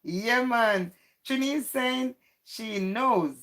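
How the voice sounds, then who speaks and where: A woman's voice: on the high side, takes it slowly, a bit bright. A woman hosting a casual live stream, chatty and teasing, greeting viewers by name and reading out their comments.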